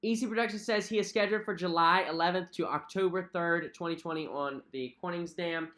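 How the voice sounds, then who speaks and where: A man's voice: high-pitched, fairly even intonation, fairly quick, a bit bright. A young man hosting a casual livestream, chatting in a friendly way, reading out viewer comments and repeating himself with many fillers. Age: young adult. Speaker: cruise vlog host. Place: at home.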